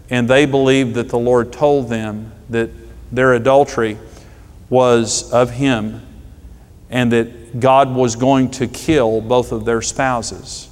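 A middle-aged man, a pastor, preaching a sermon with emphatic delivery and stories told with dramatic pauses. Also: mid-range voice. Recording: long hall reverb.

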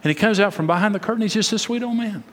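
A man's voice: sits high, very fast. A middle-aged male pastor preaching a sermon with impassioned, repetitive, rhythmic emphasis. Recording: long reverb of a large hall.

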